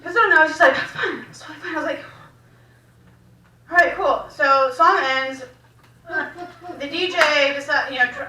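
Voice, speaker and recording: A young woman telling a profane, animated stand-up story, laughing as she goes, in a small cafe room. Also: high voice, recorded from a distance, a little hiss or hum. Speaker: stand-up comedian. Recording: echoey room, mic heard from afar.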